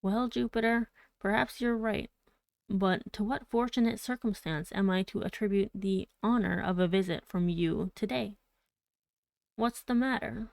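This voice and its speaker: A woman reading the lines of a polite, curious gentleman narrator who asks questions in a formal way. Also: mid-range voice, unhurried, creaky, dry recording. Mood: inquiring. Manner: formal, inquiring. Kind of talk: audiobook reading.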